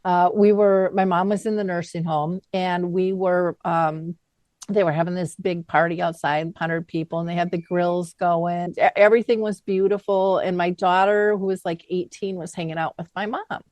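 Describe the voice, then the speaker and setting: A woman's voice: lowish voice, normal speed, no room sound. Dry-voiced woman host telling a story. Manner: lively anecdotal, acts out quoted dialogue. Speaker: podcast host. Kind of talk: conversational storytelling.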